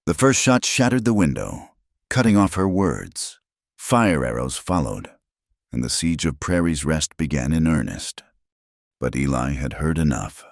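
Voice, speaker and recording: Very deep-voiced male storyteller. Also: sing-song, unhurried, creaky, dry recording, clean studio sound. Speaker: narrator. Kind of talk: scripted western story narration.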